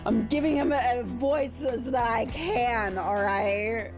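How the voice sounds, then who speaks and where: A woman's voice: on the high side, slow, hardly any pauses, over music. A young woman streamer reading a dating-sim game aloud with playful, irreverent commentary. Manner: playful, irreverent, laughs at herself. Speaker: VTuber streamer.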